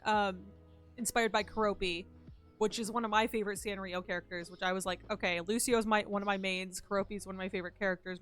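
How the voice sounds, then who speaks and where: A woman's voice: mid-range voice, fairly bright tone. A sick woman streamer with a nasal, congested voice, chatting casually and rambling with viewers while playing a game, swearing now and then.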